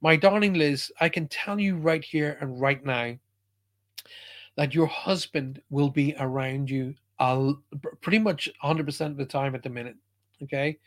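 A man's voice: fairly high pitch, normal speed, a bit bright. A middle-aged man giving an emphatic motivational talk as a spiritual speaker, often checking in with listeners.

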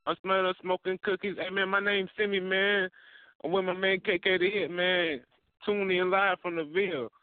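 A man's voice: high voice, flat delivery, moderate pace, dry recording. A man calling in to a radio show, hyped and saying "man" every few words. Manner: hyped, says "man" constantly. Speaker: caller. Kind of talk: casual phone call to a radio show. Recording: tinny phone line.

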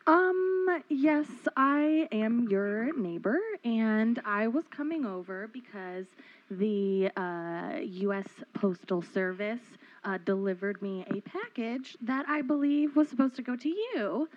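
A woman performing an improvised comedy scene, talking in a halting, playful way. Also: on the high side, expressive. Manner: halting, playful, bursts of laughter. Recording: dull lo-fi sound.

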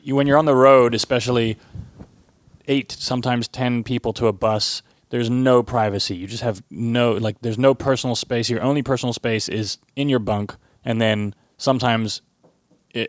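A man's voice: mid-range voice, steady tone, normal speed, no room sound. A man co-hosting a podcast, emphatically setting up stories and swearing casually. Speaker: podcast co-host. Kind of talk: casual chat.

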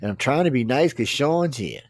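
A man's voice: medium pitch, very animated, normal speed, no room sound, clean studio sound. A man in his fifties hosting a talk radio show, blunt, rowdy and profane, speaking casually. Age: 50s.

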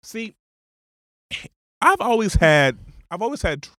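A man's voice: sits high, very animated, slow pace, pushed and bright, no echo, clean studio sound. Laid-back teasing man podcast co-host. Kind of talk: casual chat.

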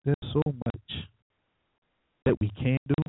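A man's voice: medium pitch, takes it slowly, slight background noise. A man hosting a talk show, delivering an opinionated monologue with sarcastic, preachy remarks and chuckling asides. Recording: tinny phone-like, dry.

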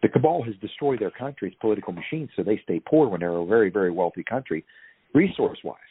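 A man's voice: on the low side, expressive, quick pace, breathy edge, phone-quality sound. A man speaking as an interview guest, fiery and ranting, his voice surging up on key points. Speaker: guest activist. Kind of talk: impassioned podcast interview.

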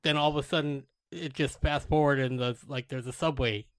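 A man's voice: medium pitch, fairly even intonation, a little fast, dry recording. Hesitant man recalling a film, dry and close. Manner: loose, hesitant, self-deprecating. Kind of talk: casual film discussion.

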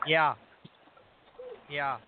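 A man in casual chat, rambling and restarting his sentences as he recaps matches. His voice sits a little high for a man. It comes through a tinny phone line with a faint hiss behind it. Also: steady tone, drawn-out words. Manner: rambling, many restarts and fillers. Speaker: podcast co-host recapping wrestling.

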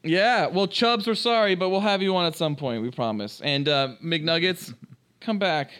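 A man's voice: a little high, normal speed, a bit bright, clean tone. A man co-hosting a comedy podcast, rambling and crude in casual chat. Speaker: podcast co-host.

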